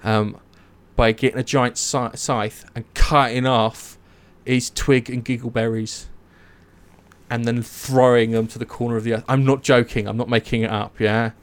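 A young man casually retelling myths, animated, swearing and acting out the characters' lines. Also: medium pitch, normal speed, clean tone. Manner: animated storytelling, swears, acts out quotes. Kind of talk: casual chat.

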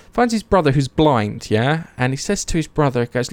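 A young man casually retelling myths, animated, swearing and acting out the characters' lines. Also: mid-range voice, a little fast. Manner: animated storytelling, swears, acts out quotes. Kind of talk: casual chat.

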